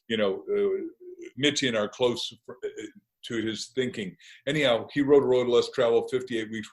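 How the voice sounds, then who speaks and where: A man's voice: medium pitch, low-quality recording. A man chatting as a guest author, telling stories in a jokey, rambling way. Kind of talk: casual interview chat.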